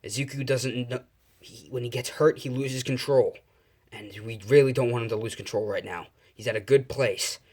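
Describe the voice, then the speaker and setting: A man voicing Lucifer, a stern and protective devil king, in an improvised spoken story, with a low, firm delivery. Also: steady tone, normal speed, a little mellow, close to an everyday voice. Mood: worried.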